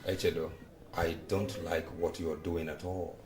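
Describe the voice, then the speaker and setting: An actor playing a frank friend who admonishes in measured, formal words. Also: male voice, sits low, flat delivery, reverberant, distant mic, background noise. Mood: admonishing. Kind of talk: Nollywood film acting.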